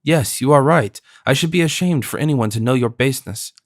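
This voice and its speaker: A man's voice: medium pitch, fairly quick, dry recording, clean studio sound, natural voice. A man voicing a spirited young wife in an audiobook, scornful and pleading by turns, his voice lifted for her. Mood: commanding. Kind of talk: audiobook character voice.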